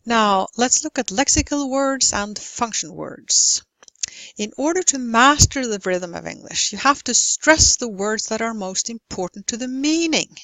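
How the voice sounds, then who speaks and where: A woman teaching English pronunciation, her voice a little high and her delivery very slow and deliberate. Every word is clearly enunciated in a dry, close voice-over. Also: expressive, bright, forceful tone, no echo, rough recording. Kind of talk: instructional lesson narration.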